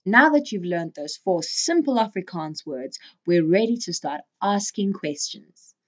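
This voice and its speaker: Slow, patient woman language teacher. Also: fairly low pitch, lively intonation. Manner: patient, repeats words for learners. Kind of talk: slow, clear language lesson. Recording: slightly dull, muffled audio.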